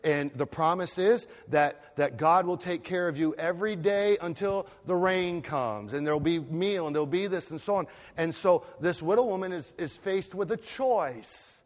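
High-voiced preaching man, echoing hall. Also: moderate pace, hardly any pauses. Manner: impassioned preaching that swells to loud emphatic repetition. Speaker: pastor. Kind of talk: sermon. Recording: long reverb of a large hall.

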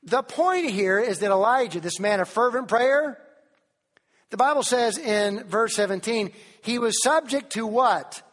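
A preacher from Tennessee, delivering an animated sermon that keeps putting questions to the congregation and quotes King James scripture. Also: high-pitched, unhurried, big-room sound.

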